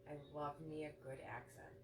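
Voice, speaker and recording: A woman's voice: sits low, steady tone, brisk, gravelly. Blunt woman co-host in an echoey room. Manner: blunt, emphatic, swears casually. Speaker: podcast co-host. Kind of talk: casual chat. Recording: echoey room from far off, faint noise.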